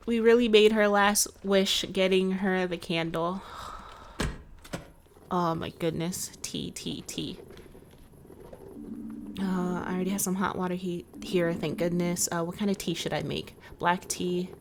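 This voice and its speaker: A woman's voice: on the low side, level tone, measured pace, long pauses, slight background noise. A woman giving let's-play commentary, chatting and reacting aloud with strong emotion to a story game. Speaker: video game player. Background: game music.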